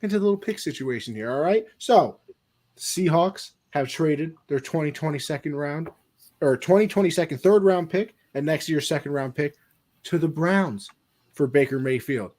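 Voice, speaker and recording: A man's voice: fairly high pitch, moderate pace, darkish tone. A man hosting a casual online mock draft show as its commissioner. He talks in a playful, joking way and shifts into an announcer tone.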